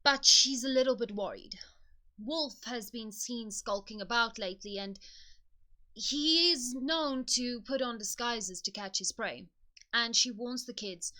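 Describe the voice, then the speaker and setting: A woman's voice: fairly high pitch, a little slow, bright, forceful tone. A woman hosting a book video, retelling a fairy tale in a chatty, conversational way. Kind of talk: casual storytelling retelling.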